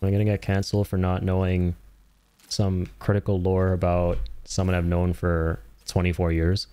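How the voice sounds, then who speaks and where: A young adult man streaming a game, chatting casually, animated and joking, with casual swearing. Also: sits low, moderate pace, smooth. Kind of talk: casual gameplay commentary.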